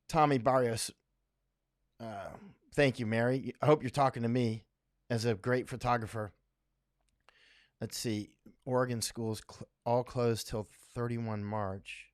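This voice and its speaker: A man's voice: medium pitch, steady tone, moderate pace, no echo, clean studio sound. Rambling, chatty man from Florida. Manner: rambling and chatty, many fillers and restarts. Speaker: livestream host reading chat. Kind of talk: casual rambling livestream chat. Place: home in Thailand.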